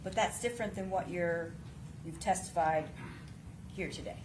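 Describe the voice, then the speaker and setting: Woman attorney, crisp leading questions, courtroom mic with noisy hiss behind. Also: fairly low pitch, normal speed. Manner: pointed, leading questions ending in "right?". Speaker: defense attorney. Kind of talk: courtroom cross-examination.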